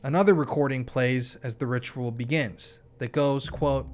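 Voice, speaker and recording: A man's voice: mid-range voice, steady tone, moderate pace, few pauses, soft background music. A man narrating a conspiracy documentary in a casual, blunt way, with swearing.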